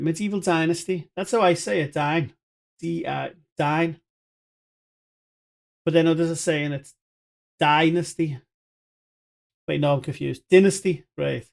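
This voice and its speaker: Chatty gamer on a stream, raised pitch and gravelly fry, rambles to chat. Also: male voice. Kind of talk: live gaming stream commentary.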